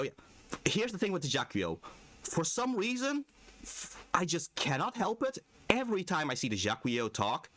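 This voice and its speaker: A man's voice: mid-range voice, fairly bright tone, no echo. A male game streamer giving casual, rambling commentary over his playthrough and laughing often. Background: game music.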